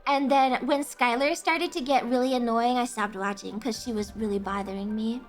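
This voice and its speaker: A woman hosting a casual live stream, chatting with viewers in an animated, profane, ranting way, often breaking into laughter. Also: on the high side, normal speed, soft background music. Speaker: livestream host.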